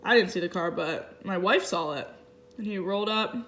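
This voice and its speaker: A woman interpreter voicing a signer's first-person story aloud in short, halting phrases with restarts. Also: fairly low pitch, a bit bright, a little hiss or hum. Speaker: sign language interpreter.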